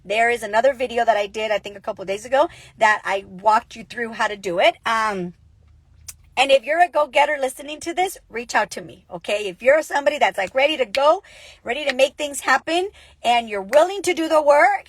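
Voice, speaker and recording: A woman giving an energetic, chatty motivational talk as a business coach, telling stories with lots of animation. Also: a little high, normal speed, husky, no echo. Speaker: network marketing coach. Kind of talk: motivational casual vlog.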